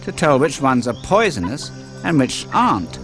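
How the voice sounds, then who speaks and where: A man's voice: mid-range voice, very animated, normal speed, fairly bright tone. A man narrating a kids' wildlife program in a jokey, playful way. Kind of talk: scripted wildlife narration for kids. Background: music.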